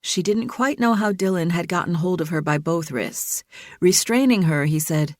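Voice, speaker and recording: A woman narrating an audiobook thriller in a steady, measured reading. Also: fairly low pitch, no echo, studio quality. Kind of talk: scripted narration.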